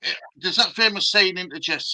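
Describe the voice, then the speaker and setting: A man's voice: sits high, fairly quick, bright, forceful tone. A man on a football fan livestream, making rambling jokes and asides in casual chat. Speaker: fan panelist.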